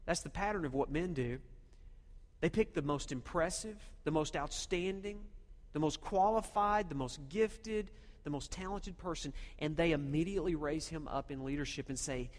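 A man's voice: on the high side, normal speed. Man preaching in a reverberant hall. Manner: emphatic preaching with rhetorical questions to the congregation. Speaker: pastor. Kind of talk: sermon.

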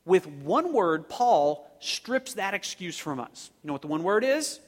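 A man preaching a sermon as pastor, animated, shouting some words for emphasis and slowing down to stress others. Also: high-pitched, big-room sound.

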